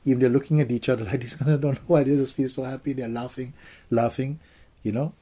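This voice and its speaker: A man, a spiritual teacher, gently telling stories and answering questions for a gathering in a soft, hushed way. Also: mid-range voice, steady tone, fast talker. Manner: soft-spoken, gentle storytelling, often drops to a hush.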